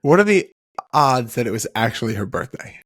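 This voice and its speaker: A man co-hosting and editing a podcast, ribbing his host in casual chat with a deadpan, teasing manner. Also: mid-range voice, fairly quick, no echo, clean studio sound.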